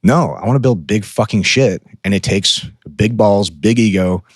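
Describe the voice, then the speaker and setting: A man's voice: fairly low pitch, normal speed, slightly rough, no echo, clean studio sound. A man co-hosting a podcast in casual chat, blunt and profane, acting out the voices in his head. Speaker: podcast co-host.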